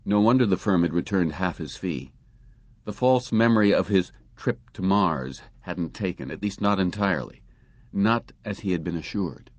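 Male audiobook narrator, low voice, dry close sound, measured story reading. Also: expressive, dry recording, muffled recording. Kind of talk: scripted narration.

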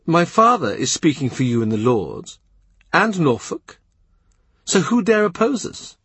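A man voicing an imperious young queen who talks rapidly and commandingly. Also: a little high, very animated, a bit bright, breathy edge, no room sound, pitched above the performer's own voice, full character voice.

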